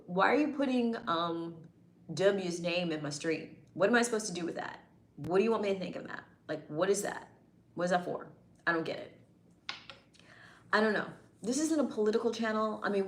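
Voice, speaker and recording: Teasing female streamer bantering with chat, roomy echo. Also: medium pitch. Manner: playful, teasing, bantering with commenters. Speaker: livestream host reading chat. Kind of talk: casual live chat.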